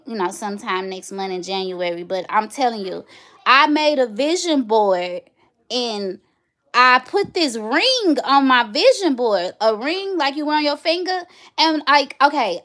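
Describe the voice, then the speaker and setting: A woman in her thirties hosting a casual livestream, chatting straight to her viewers and telling stories with animated energy. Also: a little high, measured pace. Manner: chatty, animated storytelling, addresses viewers directly. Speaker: livestream host.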